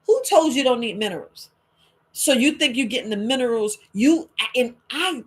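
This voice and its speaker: Lively woman herbalist talking freely. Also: a little high. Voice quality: animated, talks back and forth with imagined listeners. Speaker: herbalist host. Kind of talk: casual monologue.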